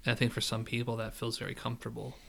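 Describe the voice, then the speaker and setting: A man who is a podcast guest, chatting in a relaxed way with many hedges and fillers. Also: mid-range voice, rapid-fire, vocal fry. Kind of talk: casual chat.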